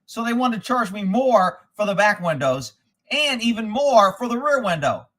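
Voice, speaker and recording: A man's voice: high voice, expressive, normal speed, a bit bright. A man hosting a casual livestream, reading comments and telling rambling, profane stories with frequent laughter. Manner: profane, rambling storyteller who laughs often. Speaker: livestream host. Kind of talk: casual live-stream chat, reading comments.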